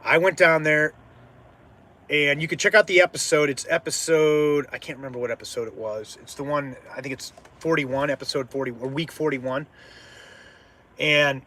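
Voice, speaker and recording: Animated man telling a story, high voice. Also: normal speed. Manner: animated, swears freely, swings from quiet to heated. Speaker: podcast host. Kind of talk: casual storytelling.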